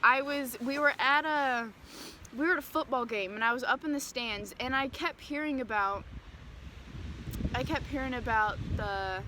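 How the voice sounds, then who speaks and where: Bright, high-voiced young woman storyteller. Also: normal speed, slight background noise, low-quality recording. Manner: animated, acts out remembered dialogue. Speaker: interview guest, former classmate. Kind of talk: casual storytelling interview. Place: outdoors on a hiking trail.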